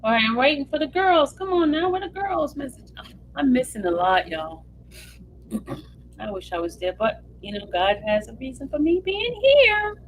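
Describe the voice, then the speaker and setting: A woman's voice: fairly high pitch, normal speed, a little hiss or hum, low-quality recording. A woman hosting a livestream, giving emotional live commentary and reading updates aloud to viewers. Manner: animated, emotional, addresses viewers as y'all. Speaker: livestream host.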